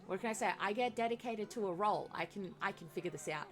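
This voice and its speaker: A woman's voice: medium pitch, quick pace, a bit bright, soft background music. Giggly Australian woman streamer. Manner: chatty, giggly, self-mocking. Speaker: game streamer. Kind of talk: casual chat while playing.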